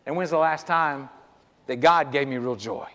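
Middle-aged male pastor, high voice, lively and jokey sermon delivery, long church-hall reverb. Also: moderate pace. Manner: lively, conversational, joking, peppered with "man". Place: church sanctuary.

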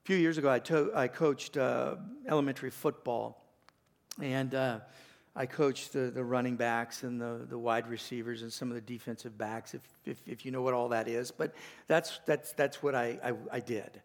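An older man, a pastor, preaching a sermon with folksy stories, rising louder and higher to stress his points. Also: normal speed. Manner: animated, rising in pitch and volume to stress points; folksy storytelling with restarts.

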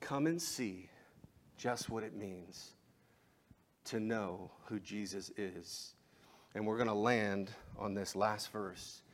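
A male pastor preaching a sermon, moving between quiet, measured passages and rising, impassioned climaxes. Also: on the low side.

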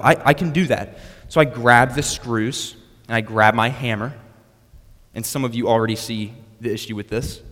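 A man's voice: medium pitch, a bit bright. A young man preaching a sermon that is built around a personal story, with a storytelling manner and frequent restarts on his words. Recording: long reverb of a hall.

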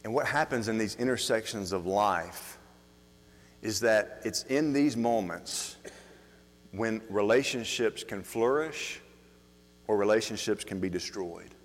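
A man preaching a sermon as pastor, asking the congregation questions and building from quiet reflection to emphatic delivery, with frequent restarts. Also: on the low side, measured pace. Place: church hall. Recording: long reverb of a church hall.

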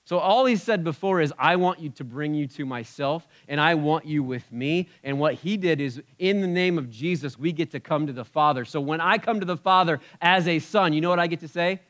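A man preaching a sermon in a conversational way, swinging between loud emphatic bursts and quiet asides. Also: fairly high pitch, brisk, hardly any pauses. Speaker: pastor.

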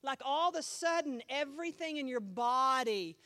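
A woman pastor teaches her Bible class, chatty and animated, and keeps asking the room questions. Her voice sits a little high. The recording is dry and close, with no room echo. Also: normal speed.

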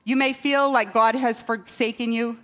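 A woman's voice: on the high side, steady tone, normal speed, fairly bright tone. A woman pastor preaching a sermon in a conversational, self-deprecating way, often checking in with the congregation. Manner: conversational, self-deprecating humor, rhetorical "okay?".

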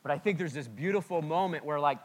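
A man preaching a conversational sermon as a pastor, candid and self-deprecating, with sudden swings between loud and quiet. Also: a little high, fast talker. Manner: lively, sudden swings in loudness.

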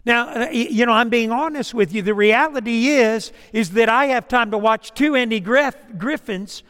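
A pastor with a notably high voice delivers a sermon in a slow, emphatic cadence. He sinks to a soft, confiding tone when telling stories. The sound rings with a long reverb, and his mic crackles now and then. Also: smooth. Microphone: lapel or stage mic.

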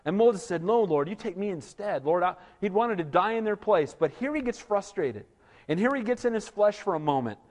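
High-voiced animated preacher man, hall echo. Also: brisk. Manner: animated, call-and-response preaching with frequent "Amen?". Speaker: pastor. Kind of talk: sermon.

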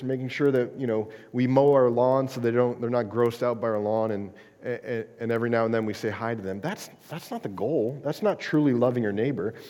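A man's voice: mid-range voice, a little mellow, in a large hall. A male pastor preaching a sermon in a conversational style, stumbling over restarts and often checking in with "right?".

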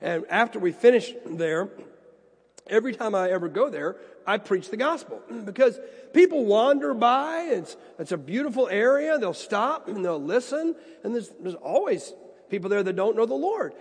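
A man's voice: high-pitched, expressive, moderate pace, slightly rough, big-room sound. A man preaching a sermon and telling personal stories, earnest and prone to repeating words. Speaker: pastor.

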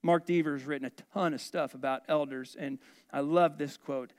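A male pastor preaches conversationally in a slightly high, darkish voice, keeping a steady tone at normal speed. He poses questions to the congregation and slips in humorous asides.

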